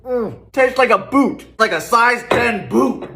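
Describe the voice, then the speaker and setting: A young man hosting a comic baking video, with deadpan asides and sudden shouts, in a home kitchen. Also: very high voice, takes it slowly, vocal fry, echoey room. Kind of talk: comedic cooking narration.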